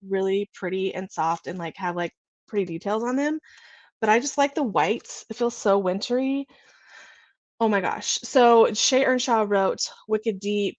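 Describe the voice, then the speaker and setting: A young woman from California hosting a casual livestream, chatting in a bubbly, gushing, excitable way. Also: mid-range voice, no room sound, lo-fi sound. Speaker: livestream host.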